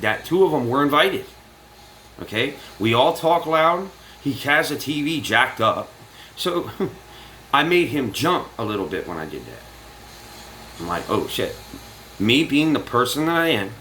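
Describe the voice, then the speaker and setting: A man's voice: medium pitch, a little hiss or hum, poor audio. A man telling a story casually to his viewers, cursing freely and acting out what people said. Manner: animated, profane, acts out quotes. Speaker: vlogger.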